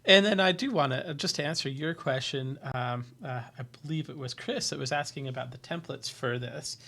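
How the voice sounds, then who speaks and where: A man hosting a webinar, reading out viewer questions and demonstrating software in a casual, upbeat way with many fillers. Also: a little high, fairly quick, vocal fry. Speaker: webinar host.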